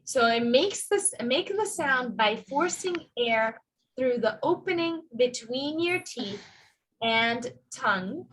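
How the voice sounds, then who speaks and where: Slow husky-voiced woman teaching pronunciation. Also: sits high, expressive, fairly bright tone, low-quality recording. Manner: patient, slow and repetitive, modeling sounds for students. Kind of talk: online class lesson.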